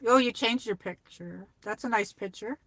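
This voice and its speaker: A woman with a New York accent hosts a casual livestream from her car on a drive, rambling and chatting while reading viewer comments aloud. Her mid-range voice is bright and forward at a normal speed, recorded close and dry with no room around it.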